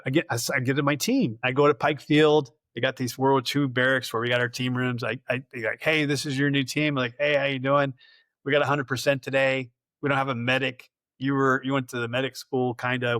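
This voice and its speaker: A man's voice: mid-range voice, a bit bright, no echo. Man telling army stories, dry sound. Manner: rambling anecdotes with acted-out quoted dialogue, laughing often. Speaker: podcast guest. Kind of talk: casual storytelling interview.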